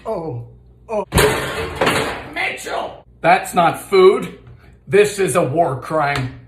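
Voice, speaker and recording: Young male comic baking host; high, very animated delivery, roomy home kitchen sound. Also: slow pace, heavy background noise. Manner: theatrical, deadpan asides and sudden shouts. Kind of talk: comedic cooking narration.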